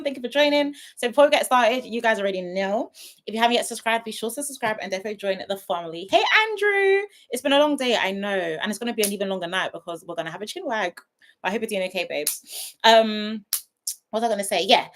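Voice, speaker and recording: A woman's voice: medium pitch, animated, quick pace, slight background noise. A woman, chatting casually on a home livestream and greeting viewers by name. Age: 20s. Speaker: YouTube livestream host. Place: at home, her sister's house.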